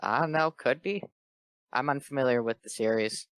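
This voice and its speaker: A man reading a fanfiction aloud for a comedy show, slipping in quick character voices and breaking off to joke. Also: mid-range voice, a bit bright, smooth, no room sound. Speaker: fanfiction reader. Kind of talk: comedic dramatic reading with commentary.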